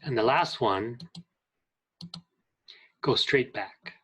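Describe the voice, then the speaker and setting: A man's voice: mid-range voice, fairly bright tone, husky, poor audio. A man teaching an English class, reading direction and clarification phrases aloud patiently. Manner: reads example phrases aloud, patient and deliberate. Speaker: ESL teacher. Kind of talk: slow classroom instruction.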